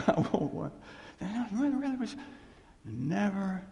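This pastor's voice runs on the high side with vocal fry, at a moderate pace. During his sermon he tells lively stories, laughing and acting out quotes, in a recording with long hall reverb.

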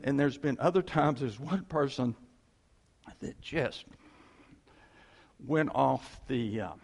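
A man with a gravelly voice tells church stories to a congregation. He rambles and halts, chuckling between restarts, and his voice rings with the long reverb of a large hall. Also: medium pitch. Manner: rambling, halting storytelling with chuckles. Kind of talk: informal testimony to a congregation.

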